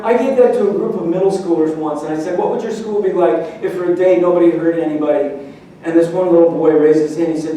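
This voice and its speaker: A man's voice: on the high side, fast, mellow. A man giving a humorous keynote speech, telling stories and acting out voices for laughs. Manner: storytelling, acts out voices for laughs. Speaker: motivational speaker. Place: large hall. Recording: echoey hall from far off.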